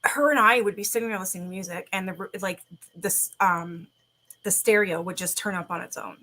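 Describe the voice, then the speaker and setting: Young woman host, bright-toned, rambling live-chat storyteller with lots of "um"s and restarts. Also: medium pitch, brisk. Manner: rambling, with many fillers and restarts. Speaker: livestream host.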